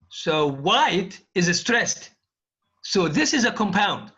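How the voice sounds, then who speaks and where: A man lecturing on linguistics in an online university class, speaking deliberately and repeating example words. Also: high-pitched, bright, forceful tone, lo-fi sound.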